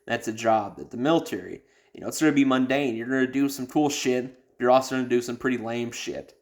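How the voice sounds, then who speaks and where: A man's voice: mid-range voice, a little fast, darkish tone. A man on a podcast giving blunt, rambling advice in casual talk, cursing and using many fillers. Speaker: podcast host.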